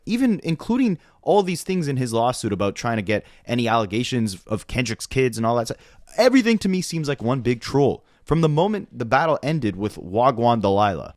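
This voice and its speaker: A man hosting a casual rap commentary, talking in an animated, incredulous way full of fillers. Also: lowish voice, no room sound, clean studio sound.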